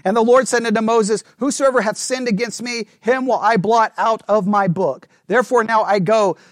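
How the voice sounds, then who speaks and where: A man preaching a sermon, asking the congregation questions and swinging between fervent emphasis and hushed asides. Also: high voice, moderate pace, no echo, studio quality. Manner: animated preaching, rhetorical questions, drops to a hush for asides. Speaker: pastor.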